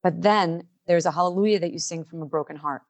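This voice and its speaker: A middle-aged woman leading a workshop, speaking earnestly and emotionally and slowing down to stress her key points. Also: fairly low pitch. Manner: emotional, earnest, slows down for emphasis. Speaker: workshop leader. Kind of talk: heartfelt inspirational talk.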